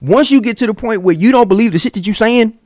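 A man's voice: high voice, quick pace, darkish tone, dry recording, clean studio sound. A man co-hosting a podcast in casual chat, arguing his point earnestly with frequent restarts. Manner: earnest, argues with repeated stumbles. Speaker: podcast co-host.

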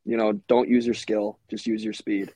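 A man's voice: fairly low pitch, level tone, moderate pace, mellow, breathy edge, no room sound. A young man from Minnesota, a hockey goalie, talking in a laid-back casual way as a podcast guest, full of "like" and "you know". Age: young adult.

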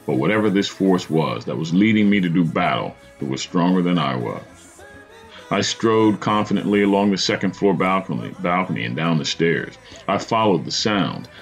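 A man's voice: low voice, slightly rough. A man hosting a podcast, narrating a tense personal story in a dramatic, vivid way. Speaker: podcast host.

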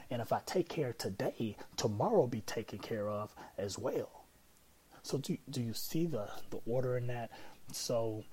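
A man's voice: mid-range voice, a little mellow, husky, rough recording. A man hosting a casual teaching podcast on prayer, talking conversationally with many fillers and repeated phrases.

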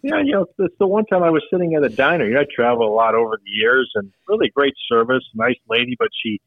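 A man's voice: medium pitch, expressive, quick pace, no room sound, narrow, tinny audio. Older man, folksy joke teller, chuckles through his stories, dry close sound. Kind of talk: casual storytelling.

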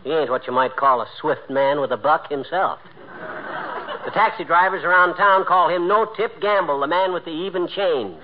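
An actor playing a boastful, blustering middle-aged husband in 1940s radio comedy, trading teasing insults and bragging. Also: male voice, on the high side, normal speed, natural voice. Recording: noisy muffled old radio transcription.

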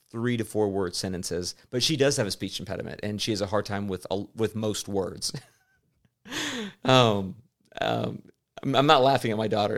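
A man's voice: on the low side, fairly bright tone. A man in his forties co-hosting a podcast, talking in a rambling way, cutting himself off mid-sentence and laughing easily. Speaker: podcast co-host. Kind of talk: casual chat.

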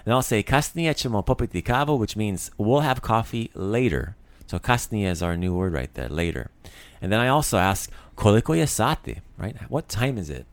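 A man hosting a casual language lesson, lively and explaining words with many fillers and restarts. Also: fairly low pitch, moderate pace, no room sound. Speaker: language podcast host.

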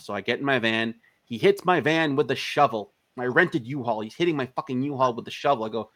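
Quick and medium-pitched with few pauses, this indie filmmaker tells a lengthy story during an interview. He's animated and swears casually, performing the dialogue of the people involved.

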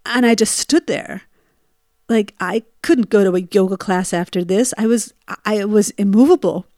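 A woman's voice: mid-range voice, normal speed, dark tone, dry recording. Dry, emotional woman storyteller. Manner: emotional, re-lives her panic in rising bursts. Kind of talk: personal storytelling.

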